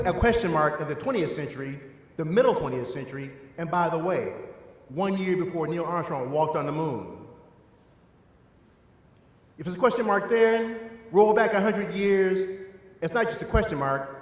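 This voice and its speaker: A man with an Eastern Shore of Maryland accent teaches an adult church class, pressing hard on key words with a rather high, emphatic voice. His lecture rings through a church hall, with a long reverb trailing each phrase. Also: animated, moderate pace. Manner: emphatic, rising and falling for stress.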